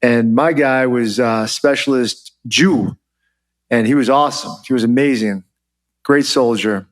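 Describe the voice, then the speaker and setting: A man's voice: medium pitch, measured pace. A man in his forties, a former Army officer, telling stories as a podcast guest in a loose, chatty way full of "you know" and "like". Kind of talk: casual interview storytelling.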